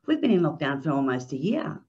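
A woman with a low voice talks casually over a video call, animated and wry, sprinkling "love" into her sentences. The sound is dull and lo-fi, as over a video-call link. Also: fairly quick. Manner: animated, self-mocking, addresses others as "love". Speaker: author guest.

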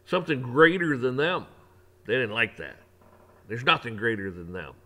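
A man delivers a heated opinion rant in a preachy tone. He repeats phrases over and over for emphasis and drops in curse words as he goes. His voice stays at an everyday pitch. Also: animated, normal speed, sharp tone. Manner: religious preaching tone. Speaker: online commentator. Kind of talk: ranting opinion monologue.

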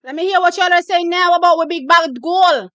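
A Jamaican woman hosting a live watch-party stream, her voice pitched very high with a sharp, bright edge. She reacts excitably, bursting into shouts and laughter and dropping into patois. The sound is close and dry. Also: brisk, no echo, highs cut off. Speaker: watch-party livestream host.

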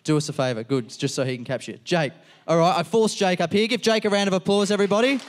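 A man's voice: high-pitched, fast. A man, hosting a live stand-up show, swearing freely and riffing with the crowd. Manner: profane, animated, riffing with the crowd. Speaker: comedian host. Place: live venue before an audience.

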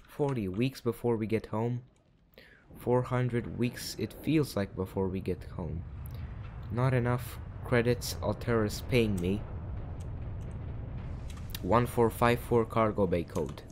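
A man's voice: lowish voice, slow pace, long pauses, a little mellow, slight background noise. A young man giving casual commentary over a game, reading in-game text aloud with joking asides. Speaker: gaming channel host.

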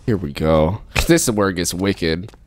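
A man streams a horror game live with game music in the background and a little hiss or hum on the audio. His low voice moves at a moderate pace as he commentates in a jumpy, excitable way, yelping when startled and using casual slang like calling the game "bro" and "dog."

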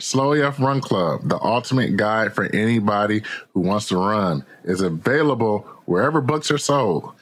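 American man guest, lively slangy storyteller, mid-pitched, quick to laugh. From United States. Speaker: podcast guest, author. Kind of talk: casual interview chat.

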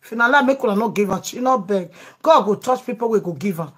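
A woman's voice: mid-range voice, expressive, fast talker, a bit bright, slightly rough. A Nigerian woman hosting a live show, taking calls and talking emphatically in pidgin. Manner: emphatic, pleading. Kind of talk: Pidgin live-stream chat with callers.

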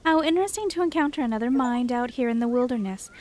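A woman voicing a haughty, scornful dark enchantress who threatens a fox. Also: on the high side, lively intonation, quick pace, lightly acted. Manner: disdainful, threatening.

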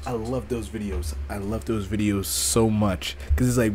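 A man's voice: on the low side, fairly even intonation, moderate pace, a little mellow, faint music behind. A man streaming a casual reaction, rambling and repeating himself as he tells stories and laughs along.

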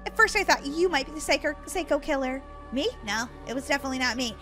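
A woman's voice: high voice, expressive, fast talker, hardly any pauses, bright, forceful tone, soft background music. A woman role-playing in a game, talking dramatically, squealing and gasping, swinging from panic to jokes. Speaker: gamer playing as a character in a roleplay. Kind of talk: excitable game role-play chat.

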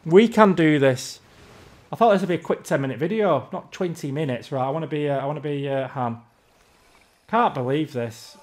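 A man's voice: on the high side, normal speed. A man ranting in exasperation while commentating his own gameplay. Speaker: gamer.

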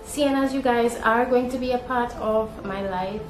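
Trinidadian woman, fairly high voice, chatty vlog talk, echoey room, music behind. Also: moderate pace. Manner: chatty, addresses viewers directly. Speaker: vlogger. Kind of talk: casual vlog talk to camera.

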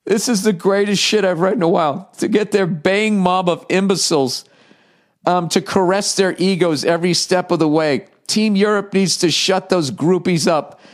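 Profane ranting man, fairly high voice. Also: moderate pace. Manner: profane, mocking, laughs while reading aloud. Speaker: podcast host. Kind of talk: comedic podcast rant.

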